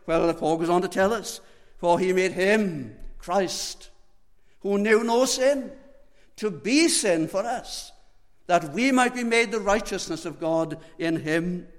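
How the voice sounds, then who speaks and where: A man preaching a sermon, pleading with passion, swinging between loud and hushed. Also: high voice, slow, long reverb tail.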